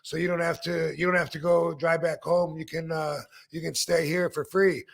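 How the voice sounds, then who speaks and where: A man's voice: fairly high pitch, little pitch movement, normal speed, gravelly, voice pushed up. A man voicing a nervous, fussy male friend who keeps pleading in a raised, anxious voice. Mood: eager.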